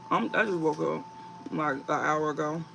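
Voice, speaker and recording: A young man hosting a live tarot reading stream, talking in a calm, low-key, casual way with slang. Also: creaky, low-quality recording.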